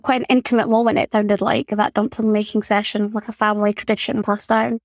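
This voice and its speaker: A woman's voice: medium pitch, level tone, brisk, no echo, clean studio sound. A woman co-hosting a podcast who gives her opinions on a film in a chatty, joking way. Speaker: podcast co-host. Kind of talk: casual movie chat.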